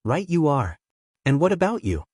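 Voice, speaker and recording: A man voicing a fussy, doting elderly granny nurse, pitched well above his own voice. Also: very animated, normal speed, a little mellow, slightly rough, dry recording, studio quality.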